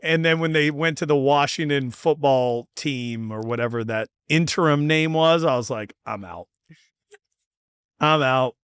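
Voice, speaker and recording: A man hosting a podcast in casual chat, talking bluntly with lots of swearing and quick bursts of speech. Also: on the high side, clean tone, no room sound, clean studio sound. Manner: blunt and profane, fast bursts. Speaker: podcast host.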